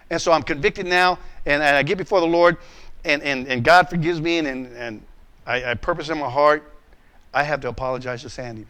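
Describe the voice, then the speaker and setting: A man's voice: fairly high pitch, fairly bright tone. A male pastor preaching a sermon, telling a personal story with acted voices and frequent restarts.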